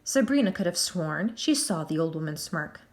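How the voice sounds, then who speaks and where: A woman narrating a children's novel aloud in an expressive, animated way. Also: fairly low pitch, moderate pace. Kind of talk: storybook read-aloud.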